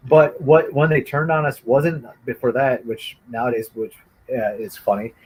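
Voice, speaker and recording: A man's voice: medium pitch, fairly even intonation, moderate pace, breathy edge, poor audio. A man telling childhood stories in casual chat, acting out the voices of the people in them. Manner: acts out voices in his stories, loud whoops. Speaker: storyteller on a stream. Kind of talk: casual chat, animated storytelling.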